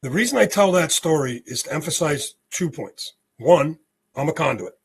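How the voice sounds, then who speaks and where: A man guest on a spiritual podcast, telling a story in an animated way and often checking in with "okay?". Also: a little high, normal speed, vocal fry, slightly rough.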